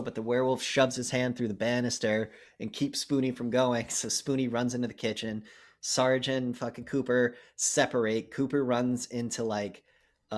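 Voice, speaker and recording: Podcast co-host, man, mid-range voice, loose and profane, animated plot recap. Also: medium pitch. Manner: animated storytelling, heavy swearing, acts out quotes. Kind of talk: casual movie recap.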